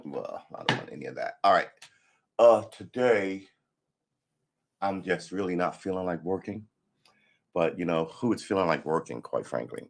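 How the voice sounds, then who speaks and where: A hoarse man hosting a casual morning live stream, rambling through a story and laughing at himself. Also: low voice, expressive, moderate pace, long pauses.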